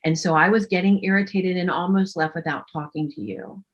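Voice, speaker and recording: A woman's voice: on the low side, fairly quick, highs cut off. Earnest woman telling a personal story.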